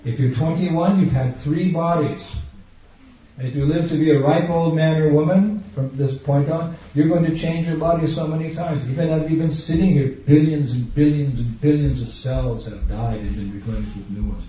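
Guy preaching to a room, mellow voice, asks the crowd straight questions, big echoey hall. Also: on the high side, steady tone, normal speed. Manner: emphatic, asks the audience direct questions; acts out everyday scenes in different voices. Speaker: spiritual teacher. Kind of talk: sermon. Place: large room with an audience. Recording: dull, echoey hall, far from the mic.

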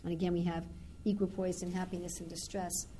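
A woman's voice: lowish voice, little pitch movement, brisk, warm tone, slight background noise. A woman giving an informal scripture class, talking conversationally and acting out everyday dialogues. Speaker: spiritual teacher.

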